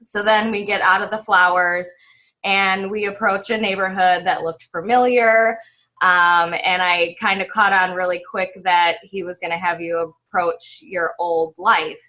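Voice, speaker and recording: A woman on a video call giving a heartfelt, halting recap of an event from home, stopping often to apologize. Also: lowish voice, fairly even intonation, lo-fi sound. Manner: emotional, halting, tearful at times, apologizes often. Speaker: event attendee sharing a recap.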